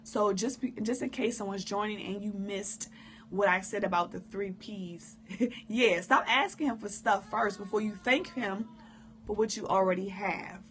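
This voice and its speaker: A hoarse woman who coughs now and then, giving a candid, informal live-stream talk on prayer and speaking straight to her viewers. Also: medium pitch, normal speed, fairly bright tone. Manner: candid, informal, preacherly direct address. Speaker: motivational speaker.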